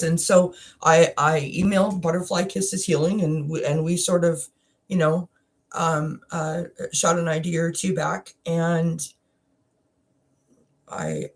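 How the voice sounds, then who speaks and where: A woman from Canada talks slowly and unhurriedly in a casual wellness chat. Her speech is halting and full of restarts, and she sounds emotional, close to tears. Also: lowish voice. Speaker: wellness channel host.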